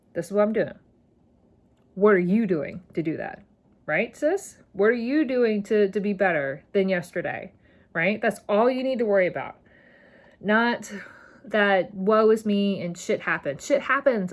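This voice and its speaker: A woman in her thirties hosting a solo podcast, talking straight to her listeners. She rambles and gets fired up, hitting words hard when she cares about them. Her voice sits at an ordinary middle pitch. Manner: impassioned, rambling, emphatic. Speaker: podcast host. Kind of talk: casual solo podcast monologue.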